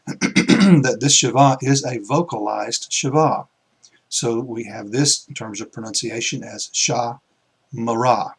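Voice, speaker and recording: Guy lecturing slowly, explaining as he writes, a bit husky, medium pitched voice. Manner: explanatory, pauses and restarts while writing. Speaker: teacher. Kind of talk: recorded classroom lecture.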